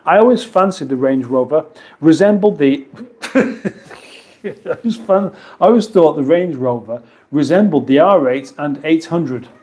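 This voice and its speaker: A man's voice: on the high side, animated, unhurried, mellow. A man with an English accent hosting a casual live stream from his kitchen, reading viewer comments aloud with dry, playful banter. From England. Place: home kitchen.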